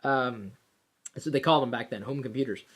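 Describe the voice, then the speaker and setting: A woman telling a personal work story in a casual, animated way, with plenty of fillers and restarts. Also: very deep voice, brisk, husky. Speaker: vlogger.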